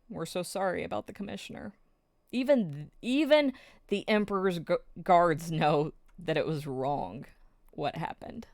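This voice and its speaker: A woman's voice: low voice, no room sound. A woman recapping episodes of a drama in a casual, emotional, storytelling way, with plenty of fillers.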